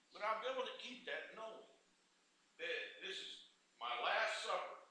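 Preacher guy, real bright voice, a bit high, echoey room. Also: animated, moderate pace. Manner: builds from quiet musing to loud fervent preaching. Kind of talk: sermon.

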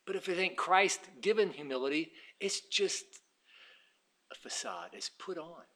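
A man preaching a sermon, dropping to hushed asides and rising to shouted emphasis. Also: high-pitched, a little slow, creaky.

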